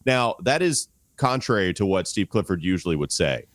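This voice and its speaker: Low-voiced man breaking down a game. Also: big pitch swings, normal speed, no echo. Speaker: podcast host. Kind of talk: casual sports chat.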